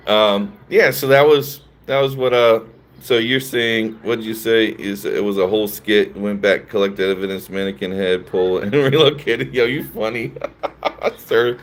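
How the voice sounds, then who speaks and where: Laughing, animated Philly man telling a story. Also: mid-range voice, slight background noise. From Philadelphia. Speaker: streamer. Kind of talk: casual storytelling to live chat.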